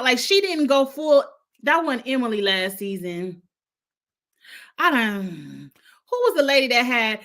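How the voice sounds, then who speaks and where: A woman reviewing a reality show in a chatty, animated way, often laughing as she talks. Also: high voice, normal speed. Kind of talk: casual chat.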